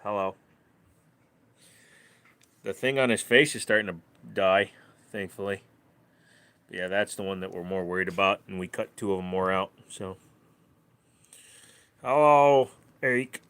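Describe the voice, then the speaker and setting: A man's voice: deep voice, steady tone, moderate pace, pauses often, pushed and bright, clear, resonant tone, no room sound. A man chatting casually on his livestream, playful and swearing freely, slipping into silly voices. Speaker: streamer.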